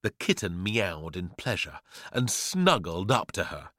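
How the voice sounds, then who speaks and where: A man's voice: sits low, very animated, measured pace, sharp tone, no echo, studio quality. Theatrical male storybook narrator. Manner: playful, theatrical delivery. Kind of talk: expressive storybook reading.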